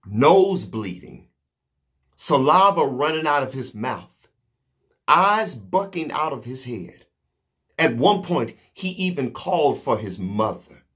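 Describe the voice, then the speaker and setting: A man delivering an impassioned, indignant monologue to camera, slow and emphatic with pauses. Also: medium pitch, big pitch swings, fairly bright tone, slightly rough. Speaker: vlogger.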